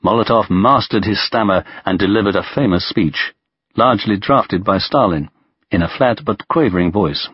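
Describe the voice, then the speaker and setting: A man reading a history audiobook in a measured, scripted narration style, lifting his voice slightly whenever he quotes someone. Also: lowish voice, husky, no echo, muffled recording.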